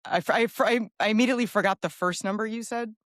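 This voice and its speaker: A woman co-hosting a podcast in casual chat, enthusiastic and rambling, with quick asides. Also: a little high, dry recording, studio quality. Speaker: podcast co-host.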